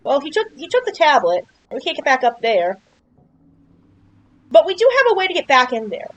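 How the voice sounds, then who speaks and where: A woman's voice: high-pitched, big pitch swings, moderate pace, fairly bright tone, muffled recording. A woman giving chatty, playful commentary while playing a video game, joking and exclaiming at surprises. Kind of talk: casual game playthrough commentary.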